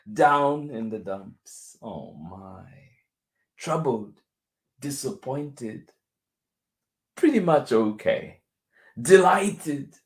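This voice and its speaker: A man hosting a children's story time, reading a picture book aloud in a playful, expressive way and sometimes dropping to a whisper. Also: lowish voice.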